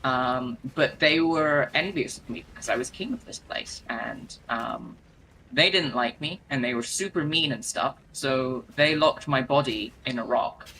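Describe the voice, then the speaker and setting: A man voicing a falsely friendly spirit-king who rambles with fillers, slightly higher than his own voice. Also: bright, forceful tone, a little hiss or hum, rough recording. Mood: wheedling. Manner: rambling, wheedling, halting with fillers.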